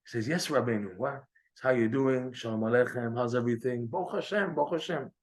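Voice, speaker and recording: Animated male Torah teacher telling stories. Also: fairly quick. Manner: animated, acts out quoted dialogue with raised pitch. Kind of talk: storytelling lecture.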